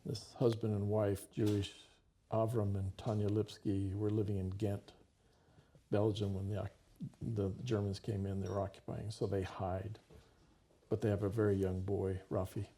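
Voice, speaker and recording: A man with a low, gravelly voice spins a story in relaxed conversation, slipping into the characters' lines as he goes. His tone is dark and mellow with a husky edge. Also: normal speed. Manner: vivid storyteller, acts out dialogue.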